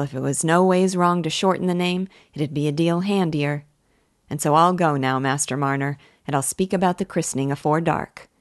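A woman's voice: deep voice, dry recording, clean studio sound, natural voice. A woman reading the part of a kindly, pious village wife who chats earnestly in rustic country dialect. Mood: warm.

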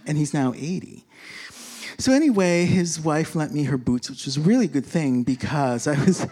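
This anecdote about a trip abroad comes from a big-city resident with an expressive, mellow mid-range voice and moderate pace. They ramble casually with many fillers, restarts, and self-corrections, chuckling as they go and acting out what others said.

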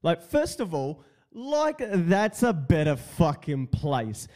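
A man's voice: a little high, big pitch swings, slow, a little mellow. Laid-back mocking podcast guy. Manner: profane, mocking, laughs often. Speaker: podcast host. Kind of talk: casual solo podcast rant.

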